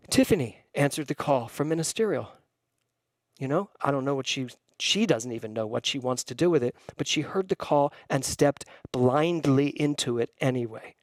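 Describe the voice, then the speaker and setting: A man giving a sermon as minister, preaching emphatically, jumping up in pitch and slowing down to stress key phrases. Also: no echo.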